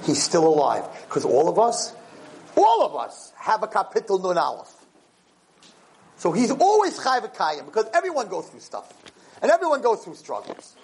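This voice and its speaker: A man teaching students an informal Torah class, mixing English with Hebrew and Yiddish terms, and climbing high in pitch when he voices God's words. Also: wildly swooping pitch, normal speed, creaky, darkish tone, slight background noise, low-quality recording. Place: room with students.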